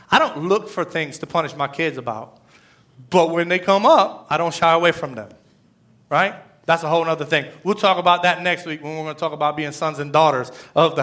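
A man's voice: on the high side, sharp tone. A middle-aged man preaching an earnest, emotional sermon with scripture readings. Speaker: pastor.

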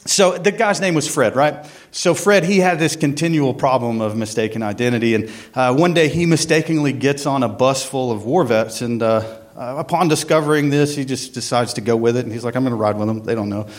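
A man's voice: mid-range voice, a little fast, hardly any pauses. A man, a church worship director giving a casual, rambling sermon with prayer and a joke, full of ums and uhs. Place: church sanctuary.

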